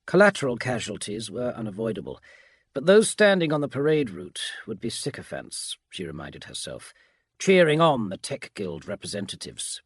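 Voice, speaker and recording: A man narrates a science fiction audiobook in a calm, measured bedtime manner. His voice is husky yet moves lively through its pitch. The sound is dry and close to the mic. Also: no room sound.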